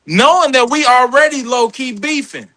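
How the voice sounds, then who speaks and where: A man in his thirties with a high, bright voice tells stories as a podcast guest. He acts out the people in them with lively voices. The sound is dry and close, with no room around it. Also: normal speed, no echo. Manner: animated, acts out quoted people in a higher voice. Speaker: guest comedian and actor. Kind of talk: storytelling in a casual podcast chat.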